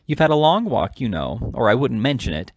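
A man's voice: medium pitch, big pitch swings, fairly quick, vocal fry, dry recording. A man reading aloud and voicing a fawning, wheedling middle-aged woman who runs a home for parish orphans. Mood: coaxing. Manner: gushing, wheedling, falsely sweet. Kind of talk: amateur audiobook reading.

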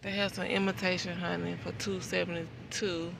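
A woman films herself on a phone as she shops, chatting to her viewers and mulling over every price tag. Her voice has a gravelly, fry-laden edge. The sound of a busy supermarket carries clearly behind her. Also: fairly low pitch, little pitch movement, moderate pace. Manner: chatty, thinks aloud about prices. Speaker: shopping vlogger. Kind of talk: casual chat to viewers while shopping. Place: large supermarket, indoors. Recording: noisy store background.

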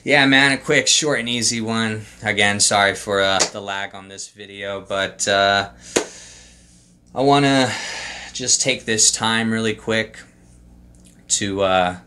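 A man's voice: lowish voice, fairly even intonation, slow pace, noisy background. A young man casually telling a story straight to camera, loose and profane, full of fillers. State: emotional, holding back tears. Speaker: vlogger. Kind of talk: casual trip report monologue.

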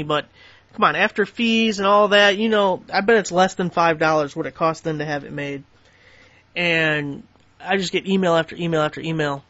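A man's voice: high-pitched, fairly bright tone, dry recording, lo-fi sound. A man hosting a tool deals channel, talking casually and bluntly with plenty of swearing as he goes through coupons. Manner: blunt, profane, easily riled. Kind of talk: casual vlog rant and coupon rundown.

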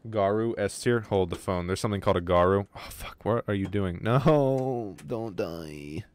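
A man streaming a game live, with casual, excitable commentary, lots of swearing and remarks aimed at his chat. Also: lowish voice, normal speed, clear, resonant tone. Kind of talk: casual livestream gaming commentary.

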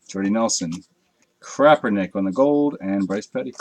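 A man's voice: fairly low pitch, animated, a little slow, a little mellow. A man hosting a live card break, chatting casually with viewers and swearing freely as he opens packs late at night. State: tired from a long night.

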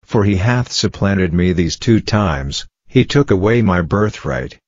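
A man's voice: low-pitched, expressive, a little slow, darkish tone, no room sound. A man reading the lines of a grieving adult son earnestly pleading with his father. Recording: dull lo-fi, dry.

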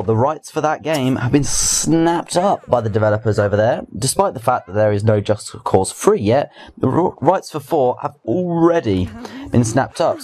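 A man's voice: mid-range voice, darkish tone. A young man hosting a casual weekly gaming news roundup, chatty and rambling, with restarts and asides. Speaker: gaming video host.

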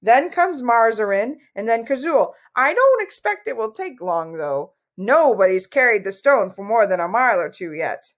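A woman's voice: on the high side, big pitch swings, normal speed, hardly any pauses. Woman reads an irritable, self-important dragon; indignant and dismissive. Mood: cross. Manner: huffy and indignant. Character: cross, pompous olive-green dragon, easily annoyed.

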